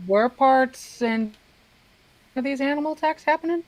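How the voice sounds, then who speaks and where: A woman playing in a tabletop game, chatty and quick to joke. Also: sits high, no echo, poor audio. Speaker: player. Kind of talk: casual tabletop play.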